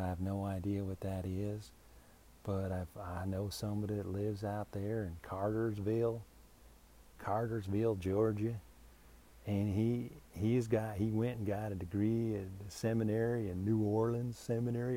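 A man talks through a solo podcast at an unhurried, drawn-out pace, his slightly low voice soft and mellow. He rambles and doubles back on himself, with a dry sarcastic edge. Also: flat delivery. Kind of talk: casual rambling podcast monologue. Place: at home.

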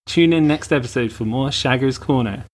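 A man's voice: mid-range voice, normal speed. A man co-hosting a podcast, chiming in with dry, jokey asides in casual banter. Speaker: podcast co-host.

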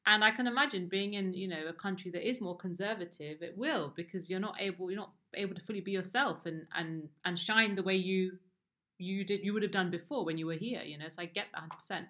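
A woman hosting a casual podcast interview, chatty, with frequent restarts and sudden high exclamations. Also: fast, a bit bright. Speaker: podcast host.

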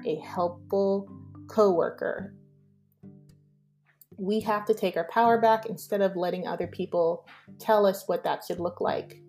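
A woman talks through her podcast alone in a slow, candid monologue. She leans hard on her points and often acts out the conversations she retells. Faint music plays underneath. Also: medium pitch, a little mellow. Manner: candid and emphatic, acts out dialogue with laughs. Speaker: podcast host. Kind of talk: casual solo monologue.

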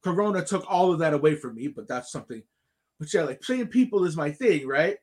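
This thirtysomething man, whose voice sits slightly above the typical male range, talks briskly on a laid-back podcast. His long personal anecdote wanders animatedly, full of restarted sentences and plenty of cursing.

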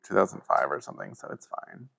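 A man's voice: rumbling low, quick pace, vocal fry. A man hosting a podcast, telling stories in a casual way. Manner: storytelling, quotes people in animated voices. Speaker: podcast host. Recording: dull lo-fi podcast audio.

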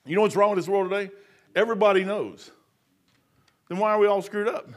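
A man's voice: sits high, steady tone, brisk. A man in his sixties preaching a sermon in an emphatic, folksy, repetitive way. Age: 60s. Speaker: pastor.

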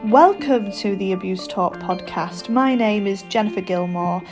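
A woman hosts a podcast interview over a video call, friendly and quick to laugh. Her voice sits at a middle pitch. Faint music plays softly behind her. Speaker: podcast host. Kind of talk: conversational interview.

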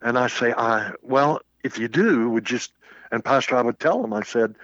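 A man's voice: medium pitch, moderate pace, no room sound. Older male minister telling a story. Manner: animated anecdote with acted-out quotes. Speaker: Baptist minister. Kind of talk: storytelling in casual conversation. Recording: muffled, dull audio.

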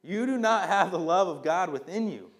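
High-voiced man preaching conversationally. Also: lively intonation, moderate pace. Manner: conversational preaching, emphatic rhetorical questions. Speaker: pastor. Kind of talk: sermon.

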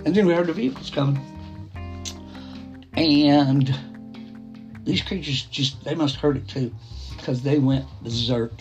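A middle-aged man tells his own story in a rough, gravelly voice, circling back with restarts and asides. A soft guitar plays faintly under him. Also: fairly high pitch, unhurried, pauses often, lo-fi sound. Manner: quoting others in a plain voice. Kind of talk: first-person story narration. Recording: soft guitar music behind.

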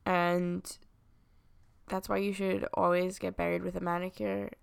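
Joking woman with a creaky voice. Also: on the low side, level tone, a little slow, no room sound. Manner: joking, rambling, puts on silly voices. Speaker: podcast co-host. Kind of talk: casual chat.

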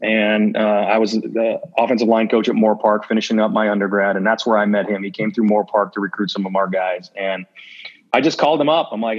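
Speaking briskly in a lowish voice with fairly even intonation, a man shares stories as a podcast guest. The assistant football coach is open in this casual interview and performs remembered dialogue as he goes, all on dull lo-fi audio.

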